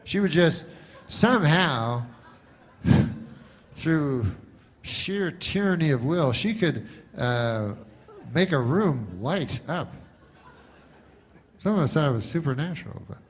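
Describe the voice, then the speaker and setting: A man doing stand-up comedy, telling a long story in a deadpan, rambling way. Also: a little high, slow pace, long pauses.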